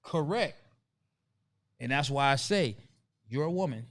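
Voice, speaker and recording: A man's voice: mid-range voice, animated, measured pace, fairly bright tone, dry recording. A man hosting a casual conversation, talking earnestly and emphatically and often repeating his points to drive them home. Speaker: host.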